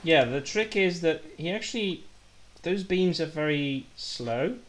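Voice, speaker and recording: A man's voice: fairly high pitch, expressive, a little slow, a little hiss or hum. A man chatting casually while streaming a game live, joking and making fun of his own mistakes. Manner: chatty, joking, self-deprecating. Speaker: gaming livestreamer. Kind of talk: casual live gameplay commentary.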